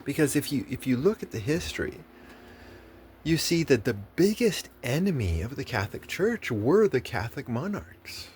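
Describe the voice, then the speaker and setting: A mid-range, darkish voice belongs to an American man on a casual, profane rant. He rambles, restarts sentences constantly, and uses lots of fillers against faint background noise.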